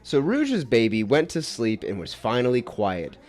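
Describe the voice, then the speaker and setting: A man's voice: mid-range voice, wildly swooping pitch, moderate pace, darkish tone, faint music behind. A man narrating a silly fan story aloud, giggling and stumbling over words. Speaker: narrator and creator. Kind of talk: comic reading of a fan story.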